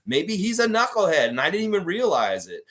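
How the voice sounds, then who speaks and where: A young man from Canada hosting a casual livestream from his home room, reading chat comments and telling stories in an animated, profane way. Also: a little fast. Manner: acts out quotes in a high exaggerated voice. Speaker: livestream host. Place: home room where he works.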